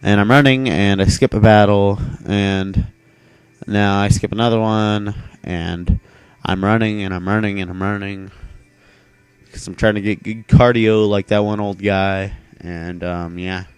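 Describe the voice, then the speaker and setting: A man's voice: fairly low pitch, fairly even intonation, unhurried, smooth, no room sound. A young man casually commentating his video game playthrough, rambling offhandedly with lots of "um" and "yeah". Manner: rambling, filler-heavy, offhand. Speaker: gaming channel host.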